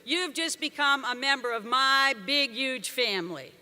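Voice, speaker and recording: A woman's voice: high voice, lively intonation, a little slow, pushed and bright. A woman giving a commencement speech, joking and emphatic as she rouses the crowd. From Boston area, USA. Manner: jokey, emphatic, rousing the crowd. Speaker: commencement speaker. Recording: long reverb from a large venue.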